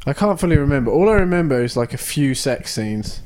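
A man's voice: medium pitch, sing-song, a little fast, darkish tone, a little hiss or hum. A man chatting casually and crudely with friends while a film plays, joking as he talks. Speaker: podcast co-host. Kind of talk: casual chat over a film.

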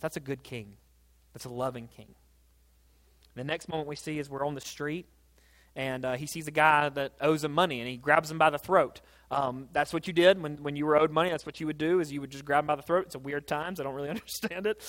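A man preaching a sermon, telling a Bible story in a casual, animated way that builds to excited peaks. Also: a little high, brisk. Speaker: pastor.

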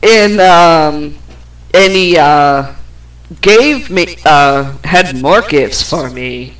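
A woman's voice: low voice, expressive, very slow, poor audio. A woman hosting a podcast, telling a personal story in a casual, rambling way with plenty of swearing. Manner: rambling, profane, with fillers and laughs. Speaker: podcast host.

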